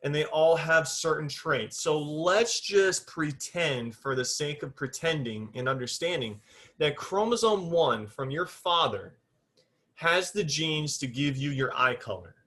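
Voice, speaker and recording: A man's voice: fairly high pitch, lively intonation, measured pace, sharp tone. A male biology teacher giving a recorded classroom lecture while drawing on a board. He talks to students in an informal, direct way, sets firm rules on exact terms and counts aloud as he draws.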